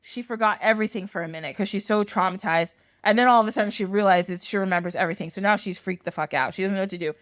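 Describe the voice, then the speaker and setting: A woman's voice: mid-range voice, quick pace, hardly any pauses, a bit bright, no room sound, clean studio sound. A woman podcast host telling a fairy tale in a chatty, casual way full of fillers and swearing. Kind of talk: casual storytelling.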